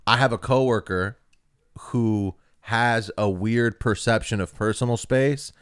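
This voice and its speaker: A man's voice: on the low side, a little slow, clean tone, no room sound, studio quality. A young man co-hosting a comedy podcast, telling stage stories in a wry, casual way and now and then slipping into freestyle rhymes. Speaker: podcast co-host and stand-up comic.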